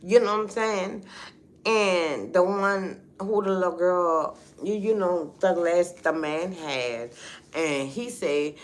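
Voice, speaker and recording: Slow, heated middle-aged woman storyteller. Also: fairly low pitch. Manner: emphatic, heated, fills talk with "you know". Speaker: livestream host. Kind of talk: casual livestream storytelling.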